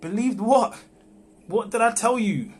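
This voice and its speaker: A man reading a young man who is backing out of an affair with a married woman, calm and measured, in a live script read-through over a phone. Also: high voice, a little hiss or hum. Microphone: phone on a livestream.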